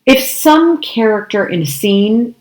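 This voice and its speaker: A woman co-hosting an improv podcast, talking in a measured, thoughtful way and often checking in with "right?". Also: a little high, expressive, a little mellow. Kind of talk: casual discussion. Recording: echoey room.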